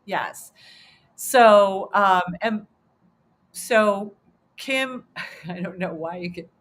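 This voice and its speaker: A woman's voice: medium pitch, drawn-out words. A woman in her fifties hosting a casual livestream chat, talking in an emotional, rambling way with many restarts and fillers. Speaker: host.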